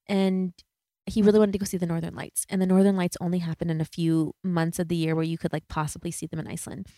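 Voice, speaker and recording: A woman in her thirties hosts a reflective solo podcast. She is earnest and chatty, with a mellow, slightly low voice. The sound is close and dry. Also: dry recording. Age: 30s. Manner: earnest and chatty, full of "like" and "you know". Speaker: podcast host.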